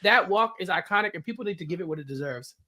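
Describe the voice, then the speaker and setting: A man guests on a casual podcast, gushing about his favorites. His voice runs high and bright. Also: animated, fast. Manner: gushing, enthusiastic.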